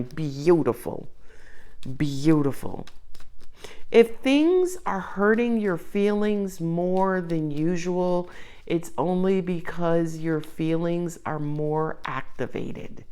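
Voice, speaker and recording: A woman giving a casual tarot reading to her viewers, expressive and playful, coaxing them and laughing often. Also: lowish voice, slow, clean tone. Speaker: tarot reader.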